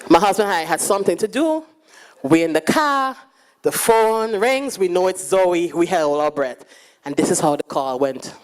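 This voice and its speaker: A woman in her forties, speaking at a conference, telling lively personal stories with frequent laughter. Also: on the low side, normal speed. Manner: lively, animated and laughing, acting out quotes. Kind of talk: personal storytelling talk. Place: conference stage.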